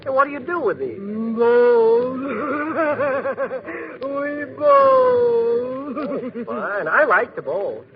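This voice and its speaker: A fearless young hero from an old radio play, cracking jokes in a breezy, slangy way. His voice sits high and swings widely in pitch. The recording is dull and hissy. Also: big pitch swings, takes it slowly, pauses often, crowd noise, heavily acted. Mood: joking. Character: fearless cocky young man who can't be scared. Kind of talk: 1940s radio acting.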